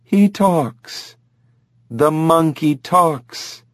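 A man voicing an upset, sharp-tongued middle-aged wife who talks bluntly. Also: on the high side, expressive, unhurried, dry recording, studio quality, voice pushed up. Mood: exasperated. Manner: blunt and exasperated.

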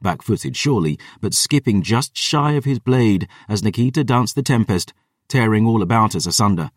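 A man's voice: fairly low pitch, animated, normal speed, dry recording, studio quality, distant mic. A man narrating a first-person fantasy audiobook in a dramatic, intense manner.

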